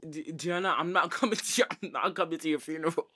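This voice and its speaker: High-voiced teasing young host. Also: male voice, quick pace, bright, forceful tone, slightly rough, no echo, clean studio sound. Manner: teasing, playful, repeats himself. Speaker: podcast host. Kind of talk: casual chat among friends.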